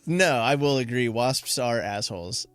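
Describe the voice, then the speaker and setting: A man's voice: medium pitch, expressive, moderate pace, fairly bright tone, smooth, dry recording. A man co-hosting a podcast, teasing his friend in an easygoing, laughing, casual way. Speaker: podcast co-host. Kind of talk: casual chat.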